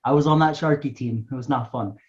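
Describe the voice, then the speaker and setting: A man's voice: mid-range voice, fast talker, darkish tone. Laid-back young man, lo-fi podcast. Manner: laid-back, profane, trailing off mid-thought. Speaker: podcast co-host. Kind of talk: casual podcast chat. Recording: dull, lo-fi sound.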